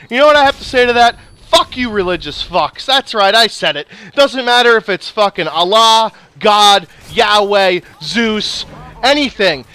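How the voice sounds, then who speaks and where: A young man rants and jokes through a gaming video, swearing constantly. His voice sits high for a man and sounds bright and forceful. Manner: profane, ranting, sarcastic. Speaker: gaming YouTuber. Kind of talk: casual ranting commentary over gameplay.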